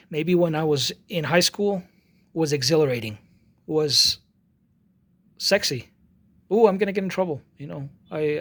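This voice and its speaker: Restless-talking man in his forties. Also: on the high side. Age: 40s. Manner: rambling, with frequent restarts and repeated words; animated storytelling, acting out both sides of a quarrel. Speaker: artist vlogger. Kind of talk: casual monologue.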